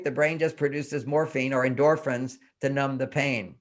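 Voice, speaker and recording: An older man, a relationship expert guest on an interview show, explaining his ideas with animated emphasis and repeated phrases. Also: medium pitch, moderate pace, few pauses.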